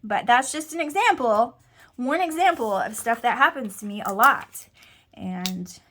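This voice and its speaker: A woman's voice: a little high, animated, unhurried, sharp tone. Chatty woman telling a personal story. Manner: chatty, self-deprecating, quotes herself and others a lot. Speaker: host. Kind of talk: casual storytelling monologue.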